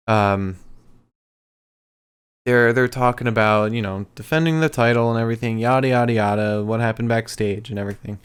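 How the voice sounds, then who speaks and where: A man's voice: on the low side, fairly bright tone, clear, resonant tone. A man co-hosting a podcast, recapping events in a loose casual chat, rambling along with frequent ums. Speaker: podcast co-host.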